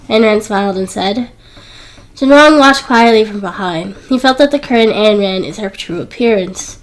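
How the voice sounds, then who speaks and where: A woman's voice: on the high side, moderate pace, poor audio. A woman reading a romance novel aloud as an audiobook narrator, raising her voice for the quoted characters. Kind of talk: scripted narration.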